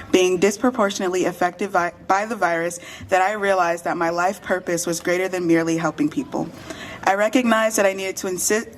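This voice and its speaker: A teenage girl with a lowish voice delivers her graduation speech with earnest conviction, speaking into a podium microphone. Her voice is a touch shaky from the cold. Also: a little hiss or hum, rough recording. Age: late teens. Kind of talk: prepared speech read aloud. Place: school awards dinner.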